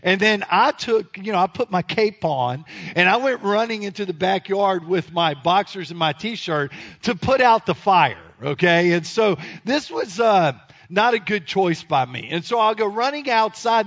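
A man, telling a self-deprecating story to an audience in an animated, comic way. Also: sits high. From Memphis area, United States. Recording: dull lo-fi sound.

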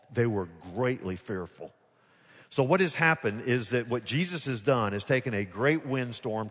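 A man preaching a sermon as pastor, moving from hushed, soft passages to loud, animated bursts where he acts out scenes. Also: mid-range voice. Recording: long hall reverb.

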